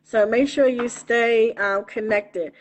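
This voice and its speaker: A woman's voice: a little high, fairly even intonation, slow pace. A woman spiritual coach in a casual live stream on her phone, affectionate and laughing often, calling listeners baby and honey.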